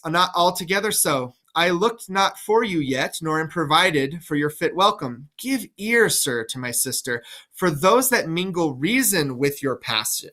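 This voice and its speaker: A man's voice: on the high side, pushed and bright. A man reading the part of a cold, defiant young princess, delivering verse in a clipped, dismissive way.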